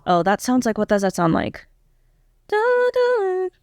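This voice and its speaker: A woman's voice: medium pitch, a little fast, dry recording. Chatty young woman reviewing pop music. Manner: chatty, hesitant, full of "um" and "like"; candid, self-questioning critique. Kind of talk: casual reaction commentary.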